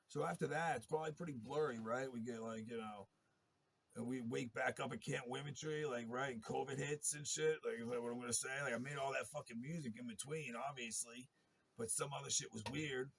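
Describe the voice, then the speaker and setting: A man's voice: medium pitch, moderate pace, creaky, a bit bright, slightly rough. A man in a long, rambling monologue, talking in a profane and agitated way. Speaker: interviewee telling his story.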